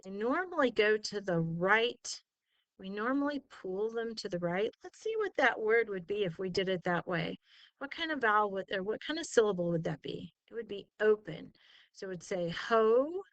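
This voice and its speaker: A woman's voice: medium pitch, expressive, normal speed, no room sound, dull audio. A woman tutoring a student in spelling, patiently sounding out words syllable by syllable and praising answers. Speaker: spelling teacher. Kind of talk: slow, patient tutoring lesson.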